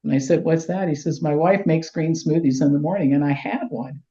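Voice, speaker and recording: A middle-aged woman being interviewed, telling lively anecdotes and acting out the dialogue. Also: low-pitched, fairly quick. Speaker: guest, health doctor. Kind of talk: storytelling in interview. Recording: roomy, dull lo-fi sound.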